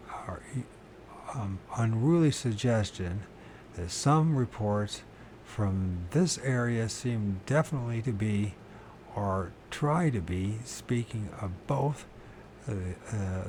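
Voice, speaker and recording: Slow, halting man reading aloud. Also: on the low side, darkish tone, slight background noise. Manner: halting reading, stumbles and corrects words, mutters to himself. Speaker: channel host reading aloud. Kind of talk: reading a book aloud with casual asides.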